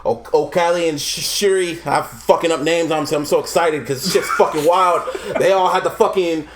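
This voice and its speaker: A man on a podcast, excitedly retelling a movie with laughs and swearing and acting out quotes. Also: a little high, moderate pace, a crowd in the background. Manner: animated, laughs often, swears a lot, acts out quotes. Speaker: podcast co-host. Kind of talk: casual chat, retelling a movie.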